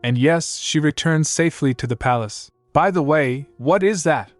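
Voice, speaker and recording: A man voicing a reserved, earnest young noble who answers calmly. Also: a little high, moderate pace, no room sound, faint music behind, voice pushed up, close to an everyday voice. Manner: calm, reserved replies.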